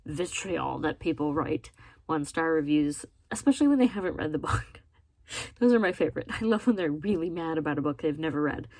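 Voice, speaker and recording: Breathy, expressive woman book vlogger. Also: lowish voice, no echo. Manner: expressive, incredulous, laughs often. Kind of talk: casual video commentary.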